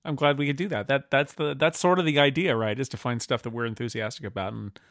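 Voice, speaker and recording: A man's voice: medium pitch, fairly even intonation, quick pace, a bit bright, dry recording, studio quality. A man hosting a casual podcast chat, steering the talk and handing turns to guests. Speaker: podcast host.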